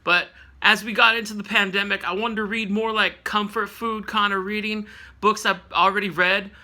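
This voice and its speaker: A man's voice: high-pitched, level tone, moderate pace, pushed and bright. A man in his late thirties from California, chatting casually about books he read, rambling with lots of fillers and self-corrections. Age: late 30s. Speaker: book reviewer. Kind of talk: casual book review vlog.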